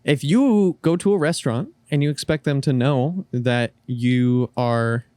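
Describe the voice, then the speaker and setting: A man's voice: mid-range voice, a little slow, darkish tone, clear, resonant tone, dry recording. Man, podcast co-host, casual chat, earnest, dry close sound. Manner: earnest, explains with everyday examples. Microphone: podcast microphone.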